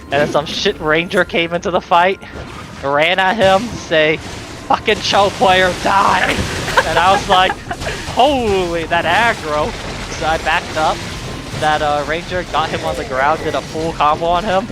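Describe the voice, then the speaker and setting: A man's voice: fairly high pitch, fairly even intonation, normal speed, music in the background. A man streaming, chatting casually and explaining game tactics, swearing now and then. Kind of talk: casual chat while gaming.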